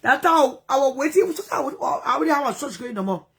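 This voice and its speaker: Liberian English woman, very high voice, emotional story vlog, hushed then loud. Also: fast talker, creaky. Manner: animated, swinging between hushed asides and loud outbursts. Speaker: vlogger.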